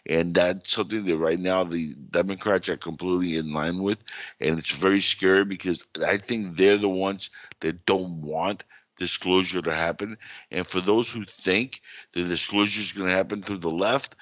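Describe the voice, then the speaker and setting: Animated male podcast host, lowish voice. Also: moderate pace, no echo. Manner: animated storyteller, acts out other voices in high pitch. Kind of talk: casual chat.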